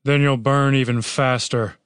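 A man's voice: medium pitch, fairly even intonation, measured pace, clear, resonant tone, dry recording, clean studio sound, natural voice. A man voicing a brash, foul-mouthed wounded young man in an audiobook. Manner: brash, profane, loud. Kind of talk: audiobook character voice.

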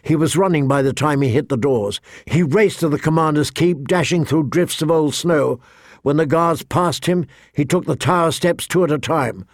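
A man narrating a fantasy audiobook in a steady, measured way. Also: on the high side, no room sound, studio quality.

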